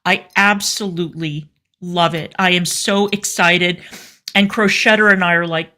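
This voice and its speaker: Gushing, low-voiced woman co-host. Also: fairly even intonation, a little slow, pushed and bright. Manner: candid and effusive, with fillers and restarts. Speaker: show co-host. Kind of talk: casual commentary chat.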